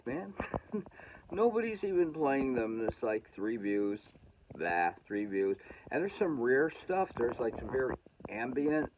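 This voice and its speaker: A man from New England rambling in a casual self-mocking monologue, with many hesitant fillers. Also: on the low side. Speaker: vlogger. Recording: tinny, lo-fi, noisy.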